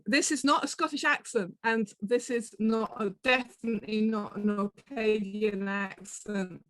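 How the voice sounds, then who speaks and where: A woman's voice: mid-range voice, no echo. A middle-aged woman with a Portsmouth accent giving a chatty, self-deprecating conference talk full of ums. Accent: Portsmouth English. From south of England. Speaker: conference speaker.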